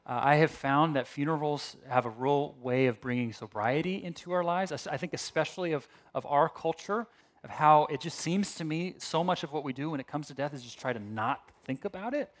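A male pastor preaching a sermon in a conversational, animated way, with asides and restarts. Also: fairly high pitch, a little fast.

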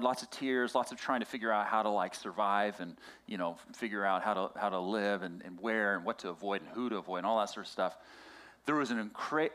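Animated pastor preaching with lively pitch. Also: male voice. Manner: animated storytelling with many restarts. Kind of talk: sermon.

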